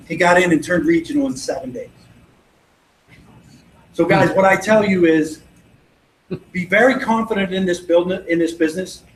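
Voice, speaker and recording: Speaking at a moderate pace with long pauses, a high-pitched man leads a motivational sales training session at an event venue. As a network marketing trainer, he tells anecdotes and performs both sides of the exchanges with confident persuasion, and the recording is echoey with faint noise.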